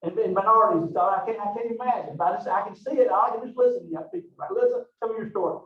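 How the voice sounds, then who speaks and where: A middle-aged man lectures on anatomy, wandering into chatty stories and asides. His voice sits fairly high for a man. It was picked up from across an echoey classroom, and the recording sounds dull and lo-fi. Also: very fast, distant mic. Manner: folksy, rambling storyteller with asides. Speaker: college anatomy instructor.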